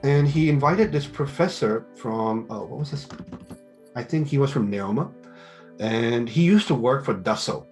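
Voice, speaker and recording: A middle-aged man who teaches business talks through advice in a relaxed interview. He tells stories, acting out both sides of each conversation. Faint music plays quietly under his voice. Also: medium pitch, normal speed. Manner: animated storytelling with quoted dialogue. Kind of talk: casual interview talk, giving advice.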